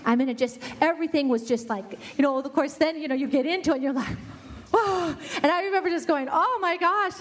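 A woman's voice: high-pitched, fast talker. A middle-aged woman giving a family ministry talk, earnestly acting out what parents and kids say.

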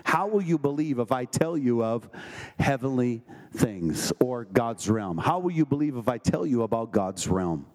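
A male preacher working through scripture in an evening sermon at a medium pitch. He reads verses aloud and breaks off to ask the congregation quick questions. His delivery is conversational and emphatic. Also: lively intonation, darkish tone.

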